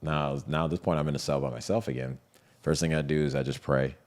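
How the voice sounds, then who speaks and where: A man's voice: a bass voice, fast. A man in a casual interview, telling his story animatedly and acting out what others said. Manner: animated, retells scenes with quoted voices. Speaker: interview guest.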